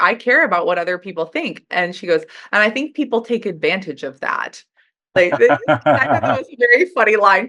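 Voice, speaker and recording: Bright-voiced woman co-hosting a podcast. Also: fairly low pitch. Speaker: podcast co-host. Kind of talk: casual chat.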